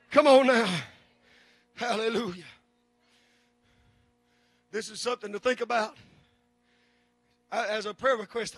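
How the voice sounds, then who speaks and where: A man preaching a sermon, building to shouted, drawn-out peaks and then dropping low and quiet. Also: dry recording. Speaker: pastor.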